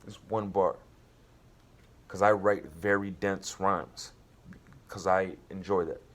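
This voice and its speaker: A man teaching rap writing in a casual way, explaining slowly and counting out beats and syllables. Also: low-pitched, fairly even intonation. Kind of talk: casual instructional talk.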